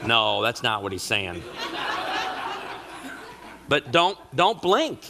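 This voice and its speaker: A man's voice: lowish voice, takes it slowly, vocal fry, very noisy. A middle-aged man giving a humorous sermon-style talk at a marriage conference, telling family stories with comic asides. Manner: animated storyteller with comic asides.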